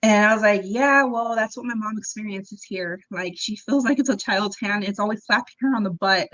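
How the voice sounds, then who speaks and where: A young woman, a podcast guest, telling her own story in a casual, animated way, acting out what people said, with ums and laughs along the way. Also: medium pitch, moderate pace, dull audio. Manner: animated, acts out quoted dialogue, frequent ums and laughs. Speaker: interview guest.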